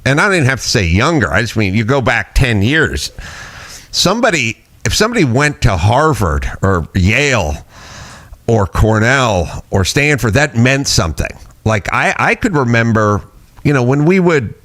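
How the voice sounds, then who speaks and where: A man's voice: medium pitch, very animated, normal speed, fairly bright tone. A middle-aged man hosting a casual talk show, ranting bluntly and profanely with mock quotes. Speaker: podcast host. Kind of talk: casual chat.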